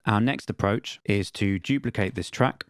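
Low-voiced man explaining audio software. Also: normal speed, dry recording. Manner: plain, matter-of-fact explaining with repeated test phrases. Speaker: music production tutor. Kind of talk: screen-recorded software tutorial.

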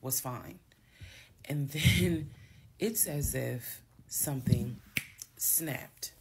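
A woman with hiccups calmly telling the story of her marriage in a measured, steady way, with pauses and fillers. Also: sits low, a little hiss or hum. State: has the hiccups. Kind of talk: storytelling monologue.

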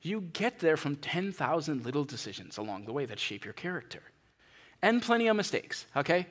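A middle-aged man preaching a sermon in a church, conversational and animated, acting out little scenes. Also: fairly high pitch, brisk. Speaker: pastor.

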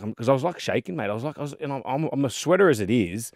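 A man's voice: mid-range voice, very fast, dry recording, clean studio sound. An Australian man in his thirties telling rugby league stories in a casual podcast chat, full of fillers. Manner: animated storyteller, fillers and mate. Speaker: podcast co-host, former rugby league player.

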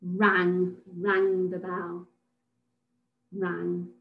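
Woman from England, infant teacher, slow and sing-song, sounds out letters for little ones, encouraging. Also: on the low side, monotone, vocal fry, phone-quality sound. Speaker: reception class teacher. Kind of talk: recorded phonics lesson for young children.

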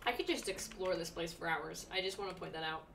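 A young woman streaming a video game, chatting excitedly to herself and breaking into sudden squeals. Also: fairly low pitch, fairly quick, creaky, far from the mic, noisy background. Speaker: let's play streamer. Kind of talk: casual gameplay commentary.

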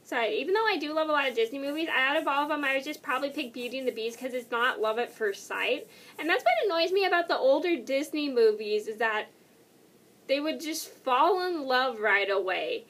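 A woman's voice: sits high, lively intonation, a little fast, a bit bright. A young woman vlogging casually, answering questions in a rambling, self-correcting way and sounding tired. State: tired and yawning. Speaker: YouTuber.

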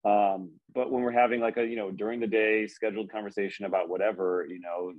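A man's voice: fairly low pitch, steady tone, fast, dry recording. A man asking for coaching in casual, rambling talk full of restarts, on dull lo-fi call audio. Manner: rambling, many restarts and fillers. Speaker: caller seeking coaching. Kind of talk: casual chat.

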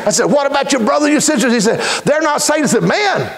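A middle-aged man preaching a folksy storytelling sermon in church, building from easy anecdote into shouted fervor. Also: very high-pitched, lively intonation, fairly quick, gravelly, hardly any pauses. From Texas.

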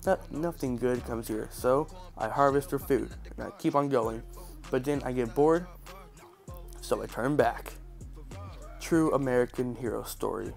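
A man's voice: medium pitch, normal speed, gravelly, soft background music. A man with a stuffy, congested nose giving casual, joking and sarcastic game commentary. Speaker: gaming channel host.

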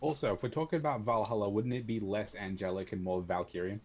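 A man's voice: on the low side, fairly even intonation, quick pace, darkish tone. A man on a voice call who talks dryly and pedantically and corrects the others. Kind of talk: casual chat on a voice call.

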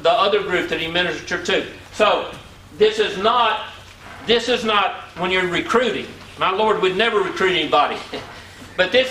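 A high, sharp-toned voice belongs to a man in his sixties giving an earnest motivational business seminar, repeating words to stress them. It's captured by a distant mic in an echoey hall with faint ambient noise.

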